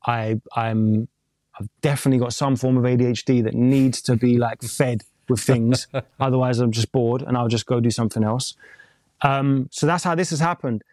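A man's voice: mid-range voice, steady tone, normal speed, a little mellow, no room sound. Candid London man, dry close sound. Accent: London English. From England. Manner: candid, rambling, swears casually. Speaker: music producer and mix engineer. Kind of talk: casual interview chat.

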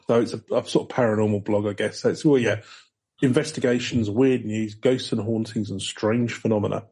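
A man hosting a podcast, casual and dryly understated, with halting fillers. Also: on the low side, steady tone, warm tone, slightly rough. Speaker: podcast host. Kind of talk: casual comedic chat.

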